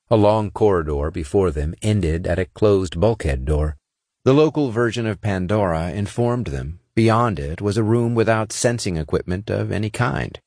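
A man narrating a science-fiction audiobook with expressive storytelling and character voices. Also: fairly low pitch, no echo, studio quality.

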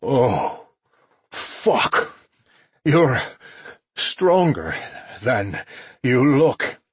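A man voicing a big, powerful man in an audiobook, with a ragged, rasping voice and a wheedling, begging manner. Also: lowish voice, animated, drawn-out words, a bit bright, no room sound, full character voice. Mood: pleading. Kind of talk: audiobook character voice.

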